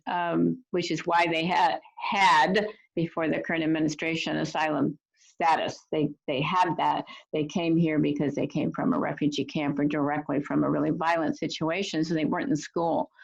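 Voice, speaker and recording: Woman storyteller, fairly low, gravelly tone, earnest and gentle, muffled video call audio. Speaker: storyteller and teacher of refugee youth. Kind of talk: reflective storytelling talk.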